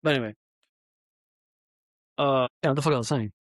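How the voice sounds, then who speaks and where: A young man hosting a podcast, telling an animated, profanity-heavy story in casual chat. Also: mid-range voice, brisk, no echo. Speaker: podcast host.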